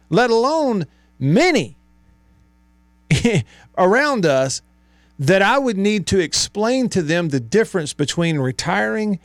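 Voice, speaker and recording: Man hosting sports radio, animated and exasperated, slightly high voice, dry studio sound. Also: dry recording. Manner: animated, exasperated, rhetorical, rising to near shouts. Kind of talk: sports talk radio monologue. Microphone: studio microphone.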